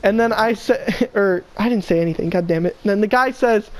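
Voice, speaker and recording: A young woman, co-hosting a casual podcast and telling a funny story with lively impressions. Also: brisk, rough recording. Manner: animated, mimics a drunk stranger in a high wail. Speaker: podcast co-host.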